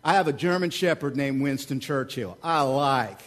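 A man preaching a sermon as pastor, joking asides and emphatic loud peaks. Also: moderate pace. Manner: animated, swings between loud emphatic peaks and low asides; joking, conversational asides to the congregation. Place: church.

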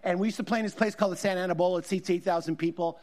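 High-voiced man preaching a sermon. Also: fairly even intonation, racing, a little mellow. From Southern California. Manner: conversational, storytelling, emphatic repetition. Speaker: guest pastor.

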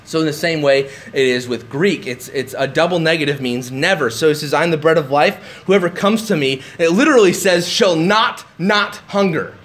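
A man's voice: fairly high pitch, brisk, hardly any pauses. A man preaching a sermon, emphatic and repeating words for stress. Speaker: pastor.

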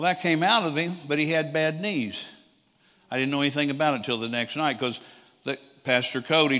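A man's voice: mid-range voice, pushed and bright. A man in his sixties preaching a storytelling sermon, acting out the people he quotes and chuckling often. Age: 60s. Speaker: traveling preacher. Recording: long hall reverb.

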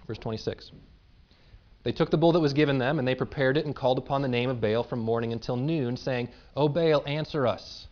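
A man's voice: mid-range voice, a little fast, muffled recording. A man giving a sermon, reading scripture aloud and retelling it in casual everyday words. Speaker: pastor.

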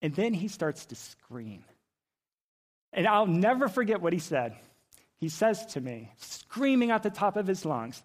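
A pastor preaching a sermon, telling a personal story with rising emotion and loud, intense peaks. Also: male voice, high-pitched, very animated, unhurried. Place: auditorium.

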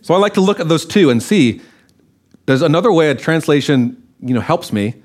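A man's voice: fairly high pitch, lively intonation, brisk. A man preaching a Bible-study sermon in a conversational way, often checking in with his listeners. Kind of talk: sermon-style Bible teaching.

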